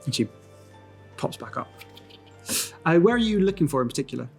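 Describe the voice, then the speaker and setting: A man's voice: a little high, very animated, a little fast, darkish tone, faint music behind. Casual man narrating a tabletop game. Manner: casual, filler-heavy narration. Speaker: game master.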